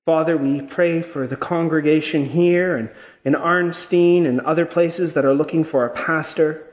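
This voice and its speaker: A man leading a church service as pastor, reading scripture and then praying in an earnest, measured way. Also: on the high side, fairly even intonation, dull audio.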